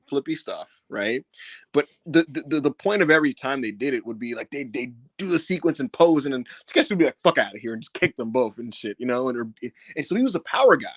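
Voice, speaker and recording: In a dry recording, a medium-pitched man co-hosts a wrestling podcast. His review is casual and profane, and he laughs often while acting out what people said.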